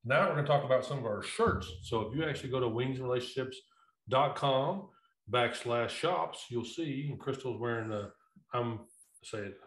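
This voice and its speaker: A man's voice: medium pitch, normal speed. Rambling middle-aged man, echoey room. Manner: rambling, repeats himself. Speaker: podcast co-host. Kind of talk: casual chat.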